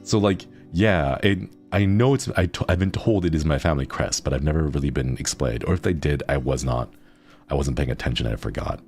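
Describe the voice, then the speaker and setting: A man's voice: very deep voice, fairly quick, a little mellow, soft background music. A man streaming casual chat with viewers, playful and rambling, often laughing.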